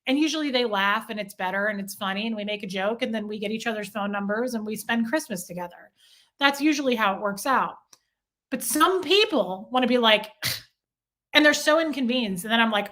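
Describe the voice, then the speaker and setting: Talking fairly quickly in a mid-range voice, a young woman addresses her live stream chat directly in an easygoing way. She comes across as lively and pokes fun at herself.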